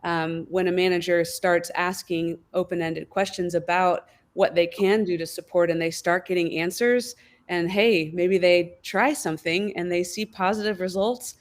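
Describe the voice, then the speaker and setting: A woman's voice: on the low side, normal speed. Thoughtful woman on a panel. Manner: thoughtful, lively, acts out quoted inner voices. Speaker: panel guest from a wellbeing app company. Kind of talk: panel discussion.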